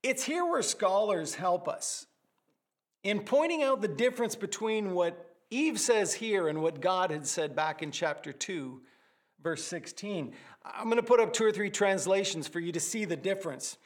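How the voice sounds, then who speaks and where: A pastor preaching a sermon, animated and vivid, with vivid word pictures and humorous asides. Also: male voice, sits high, moderate pace.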